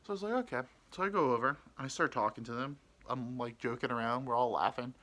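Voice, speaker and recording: A man's voice: mid-range voice, fast, pushed and bright. A young man hosting a podcast, telling a crude, self-mocking story in a rambling way, with lots of ums and uhs. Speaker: podcast host. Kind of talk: casual storytelling.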